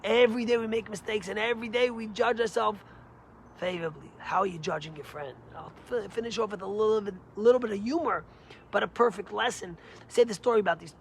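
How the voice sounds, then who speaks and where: A man, a rabbi, giving a short Torah lesson through stories, animated and emphatic with big swings in pitch and loudness. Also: quick pace, vocal fry, slight background noise. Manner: energetic, emphatic.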